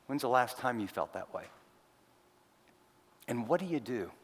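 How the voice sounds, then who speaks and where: Older pastor preaching in a reverberant hall. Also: male voice, medium pitch, very animated, unhurried, husky. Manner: earnest, confiding, with self-deprecating asides. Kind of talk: conversational sermon storytelling. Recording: long reverb of a large hall.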